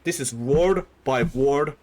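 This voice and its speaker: A man's voice: mid-range voice, takes it slowly, a little mellow. A young man streaming, retelling a story in a rambling, comedic way with lots of filler words and swearing.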